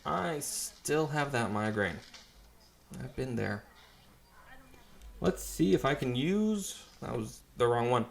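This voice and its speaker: A man's voice: mid-range voice, expressive, slow pace, creaky, pauses often, a little hiss or hum. A man playing a narrative game, reading and musing aloud in a wry, trailing way. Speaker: let's play gamer. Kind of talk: casual gameplay commentary. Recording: faint game music behind.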